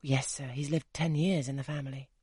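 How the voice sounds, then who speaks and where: Audiobook voice: a man reading a quietly firm young governess with a soft, measured manner. The tone is husky and sits in the middle range. The recording is dry and close. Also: medium pitch, fairly even intonation, no room sound, close to an everyday voice. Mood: polite. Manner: polite, measured, soft-spoken.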